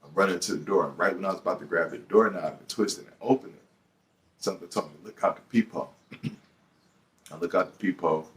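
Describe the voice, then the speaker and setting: A man with a Detroit accent telling a story from his own life in a casual, profane, animated way. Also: sits low, fairly quick, long pauses, distant mic.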